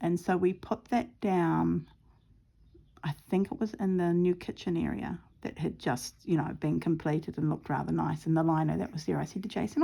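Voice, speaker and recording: A woman's voice: sits low, fairly even intonation, moderate pace, vocal fry, mellow, husky. A middle-aged woman chatting casually at home while stitching, telling a rambling story with lots of ums. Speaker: craft vlogger.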